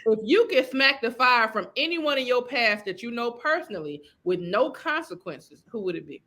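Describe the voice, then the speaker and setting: A woman's voice: a little high, animated, moderate pace, bright, forceful tone. A woman hosting a comedy podcast in casual chat, playful and slangy, with cackling laughs. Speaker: podcast host.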